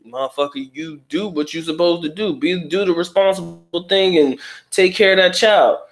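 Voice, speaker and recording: Male host, middle-aged, somewhat high voice; casual, crude, slangy livestream chatter reading out comments. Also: normal speed. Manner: profane, blunt, laughing, street slang.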